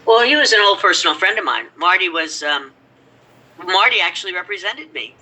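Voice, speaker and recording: Older actress, chatty anecdote-teller, bright cutting voice. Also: female voice, on the low side, brisk, breathy edge, rough recording. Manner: rambling animated storytelling. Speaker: actress guest. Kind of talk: casual reminiscing.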